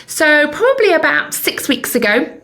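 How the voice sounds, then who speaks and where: A woman's voice: high-pitched, big pitch swings, moderate pace, bright, forceful tone. A woman in her fifties hosting a podcast, telling a personal story candidly with self-mocking humor. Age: 50s. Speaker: podcast host.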